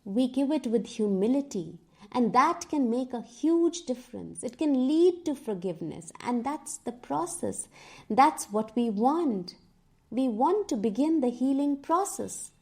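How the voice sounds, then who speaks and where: A woman's voice: sits high, animated, a little slow, a little mellow. A woman coaching communication skills in a scripted lesson, emphatic and putting pointed questions to the viewer. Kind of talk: scripted teaching talk.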